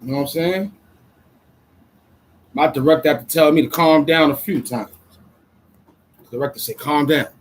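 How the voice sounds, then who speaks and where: An adult man from Brooklyn, chatting casually on a livestream in an excitable, rambling way full of street slang. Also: a little high, normal speed, pauses often, slight background noise, low-quality recording. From Brooklyn, New York. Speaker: vlogger.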